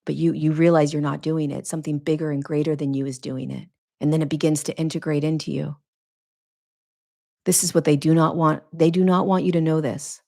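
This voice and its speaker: A woman's voice: deep voice, little pitch movement, fairly quick, gravelly, a little mellow. A woman hosting her own podcast, speaking as a spiritual teacher in an earnest, emphatic monologue that repeats phrases for weight. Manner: earnest, repetitive, emphatic, preaching cadence.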